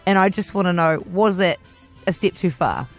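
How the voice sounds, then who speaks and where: Animated New woman radio host. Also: fairly low pitch, moderate pace, soft background music. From far north of New Zealand. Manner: animated, acts out voices, laughs often. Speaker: radio breakfast show co-host. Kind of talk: lively storytelling on breakfast radio.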